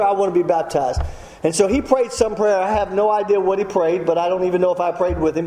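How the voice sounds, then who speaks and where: A middle-aged man with a drawl rattles through a humorous testimony sermon at a rapid clip. His voice sits high but sounds mellow. The sound rings with a long hall echo. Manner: humorous storyteller, self-deprecating. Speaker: preacher. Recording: echoey hall.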